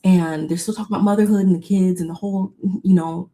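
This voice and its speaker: Chatty woman, mellow low voice. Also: quick pace. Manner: chatty, animated retelling with quoted voices and "y'all". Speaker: podcast co-host recapping a reality show. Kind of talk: casual chat.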